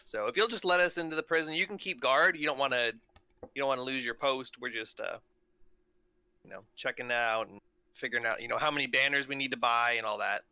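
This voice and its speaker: A man's voice: medium pitch, fast, sharp tone, a little hiss or hum. A man voicing a male adventurer who bluffs a guard with stumbling, persuasive talk. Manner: pleading, persuasive, stumbling over words.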